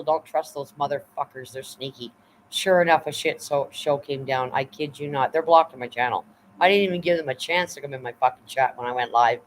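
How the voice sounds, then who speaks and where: A woman's voice: deep voice, slight background noise, rough recording. Blunt, profane woman live-streaming. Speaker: livestream host. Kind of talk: casual live-stream chat.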